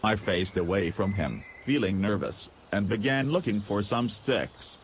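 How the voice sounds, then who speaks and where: A man narrating an absurd comic story in first person, deadpan and goofy. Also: lowish voice, a little slow, slight background noise. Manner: goofy, deadpan, absurd humor with silly voices. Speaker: podcast storyteller.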